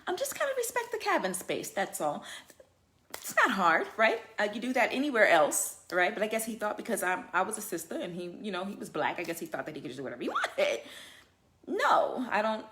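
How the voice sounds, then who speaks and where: This woman, a flight attendant, speaks at a medium pitch and a brisk clip. She recounts a story on a relaxed livestream with lively, emphatic energy and plenty of laughter.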